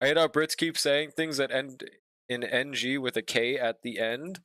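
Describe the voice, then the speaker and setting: A man's voice: mid-range voice, fairly even intonation, normal speed, pushed and bright, no echo, clean studio sound. A young man streaming as he draws, chatting casually with viewers and swearing freely. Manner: laid-back, swears often, talks to chat. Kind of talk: casual stream chat while drawing.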